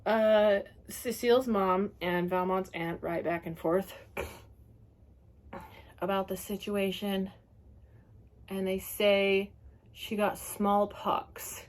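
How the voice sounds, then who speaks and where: A woman reviewing a book in a loose, ranting way. She talks at a middling pitch, swears freely and keeps laughing between her points. It sounds like an easygoing vlog. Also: fairly even intonation, slow, pauses often. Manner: sweary, chatty, laughing often.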